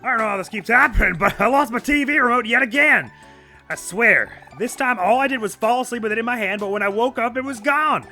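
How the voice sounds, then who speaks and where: Brief: chummy forgetful game dad, done by a man in a put-on American accent, raised pitch, bright voice. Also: animated, fairly quick, soft background music, full character voice. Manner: chummy, upbeat delivery. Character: cheery middle-aged dad, forgetful and friendly.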